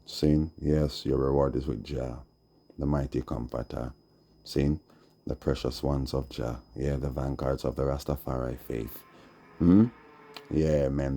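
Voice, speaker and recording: A man with a Jamaican accent preaching slowly on a live stream, dropping "see?" and "yeah?" between his lines. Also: a bass voice, steady tone, mellow. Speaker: Rastafari livestreamer. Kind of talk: rambling livestream preaching.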